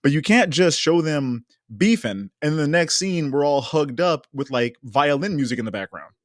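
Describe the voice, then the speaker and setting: A man's voice: on the high side, lively intonation, normal speed, dry recording, studio quality. A man co-hosting a podcast, talking candidly in casual chat, swearing and rambling with restarts. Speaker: podcast co-host. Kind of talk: casual reality-show recap chat.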